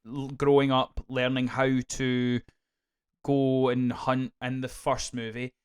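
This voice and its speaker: A Scottish man co-hosting a casual film podcast. He talks in animated bursts, swears freely and often restarts his sentences. His voice sits at an everyday middle pitch. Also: takes it slowly, smooth. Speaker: podcast co-host. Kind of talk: casual film review chat.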